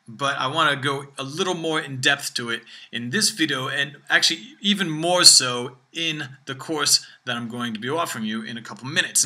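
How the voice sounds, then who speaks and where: Man, language teacher, very bright voice, explains at length and keeps checking in with the listener. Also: mid-range voice. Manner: explanatory, frequent "all right?" check-ins. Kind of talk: video language lesson. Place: room with phone ringing behind.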